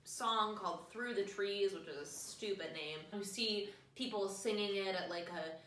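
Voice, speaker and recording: A bright-voiced young woman tipsy on wine gives a jokey, animated film recap, acting out the lines. She sits back from the mic in an echoey room with a faint noise under her. It has the feel of a casual podcast. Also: medium pitch, moderate pace, far from the mic. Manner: animated, jokey, acts out quotes. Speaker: podcast host.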